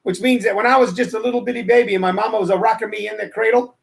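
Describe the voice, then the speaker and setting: With vocal fry and a racing delivery, this high-pitched man keeps his intonation fairly even. In his sixties, he's a comedian hosting a casual livestream who rambles, jokes, and strays between plugs and stories.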